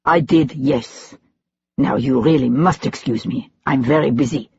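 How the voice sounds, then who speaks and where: A narrator voicing a curt, dismissive middle-aged French diplomat with a French accent, on a dull lo-fi recording. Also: male voice, mid-range voice, a little slow, creaky, darkish tone, a little hiss or hum, voice pushed down. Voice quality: dismissive, clipped.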